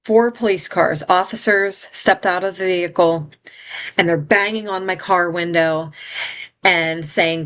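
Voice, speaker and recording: A middle-aged woman with a somewhat low-pitched voice, speaking as a guest in an interview. She tells a painful personal story in an earnest, heartfelt way. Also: steady tone, unhurried, a bit bright.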